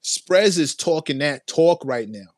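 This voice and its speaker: A man's voice: a little high, expressive, a little slow, dry recording. Hyped, laughing man hosting a livestream. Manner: hyped, laughing, repeats phrases, playful hip hop slang. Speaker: livestream host. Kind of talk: casual livestream chat, reading and reacting to viewer comments.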